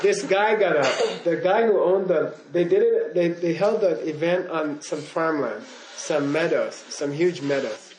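A man's voice: a little high, a little slow, hardly any pauses, noisy background. An older man teaching a class, telling digressive stories, chuckling and checking in with "okay?" and "you know?". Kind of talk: lecture to students.

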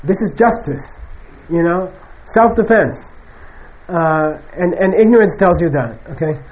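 A man giving a conversational Buddhist lecture, animated and acting out the people he quotes. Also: high-pitched, unhurried, low-quality recording. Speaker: Buddhist teacher. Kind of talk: casual spoken dharma lecture.

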